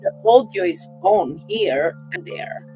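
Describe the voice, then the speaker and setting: Lively chatty woman live-streaming. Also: on the low side, slow, music in the background. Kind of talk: casual chat on a live art stream. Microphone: computer microphone.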